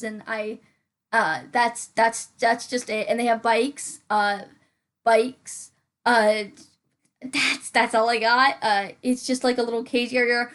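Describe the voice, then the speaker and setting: A young woman rambling casually over her gameplay, often mocking herself and talking to herself. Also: fairly high pitch. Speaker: gaming channel host.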